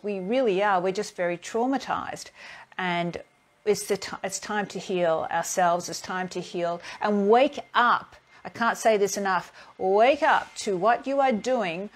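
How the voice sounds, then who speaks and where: A woman healing therapist talking casually in a live stream, telling her own stories with energy and acting out both sides of each exchange. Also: medium pitch. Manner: animated storyteller who acts out both sides of encounters. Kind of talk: casual spiritual talk.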